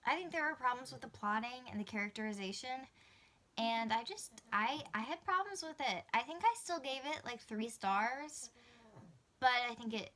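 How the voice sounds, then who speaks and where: A young woman talks to camera in a bright, clear voice. She chats casually and gushes with enthusiasm, laughing easily as she goes. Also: on the high side, lively intonation, moderate pace. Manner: chatty, gushing, laughs easily. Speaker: book vlogger. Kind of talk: casual book talk to camera.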